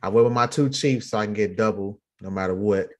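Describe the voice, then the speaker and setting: A man co-hosting a live show, calmly explaining his fantasy football strategy in casual chat. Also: on the low side, fast. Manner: explains his own picks in an even, matter-of-fact way. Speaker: podcast co-host.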